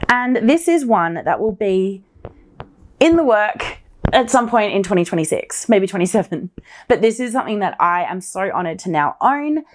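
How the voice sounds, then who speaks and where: A woman hosting a knitting podcast, talking in a casual, gushing, excitable show-and-tell style. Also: mid-range voice, normal speed.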